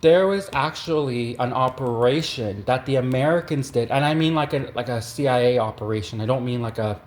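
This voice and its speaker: A man from Canada doing a rambling, deadpan satirical comedy monologue, full of fillers and restarts. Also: medium pitch, a little fast.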